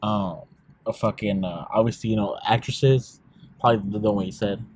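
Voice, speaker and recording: A man's voice: lowish voice, normal speed, a little mellow, breathy edge. A young man co-hosting a casual podcast, rambling in slang with lots of fillers and swearing. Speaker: podcast co-host.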